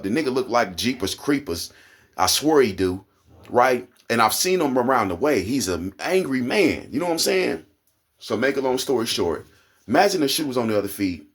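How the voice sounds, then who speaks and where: A man with an Oklahoma accent ranting angrily to camera, profane and heated, his voice climbing into high indignant peaks. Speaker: vlogger. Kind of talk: angry rant to camera.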